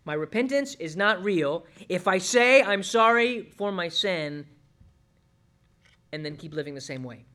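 Earnest high-voiced man preaching. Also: lively intonation, measured pace. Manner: earnest, swings from loud urgent appeals to hushed tones. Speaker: pastor. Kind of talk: sermon.

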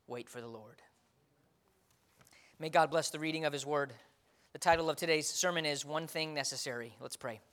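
Bright, high-voiced male preacher. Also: steady tone, fairly quick. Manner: earnest preaching, rising for emphasis then dropping soft. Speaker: pastor. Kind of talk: sermon.

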